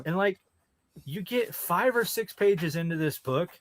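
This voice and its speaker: A man's voice: high-pitched, animated, a little slow, crowd noise. Blunt, swearing podcast co-host man. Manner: blunt and exasperated, swears freely. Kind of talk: casual chat.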